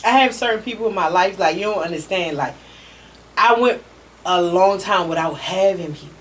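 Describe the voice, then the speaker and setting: A woman's voice: on the low side, moderate pace, very noisy. A woman rapper speaking as a podcast guest, talking candidly and emotionally in a slangy, casual way and swearing freely.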